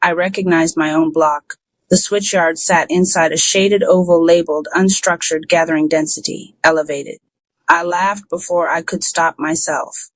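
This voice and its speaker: An audiobook narrator who tells a first-person story in an even, unhurried way. The voice sits in a middle register and is recorded close and dry, with no trace of the room. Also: medium pitch, no echo, low-quality recording.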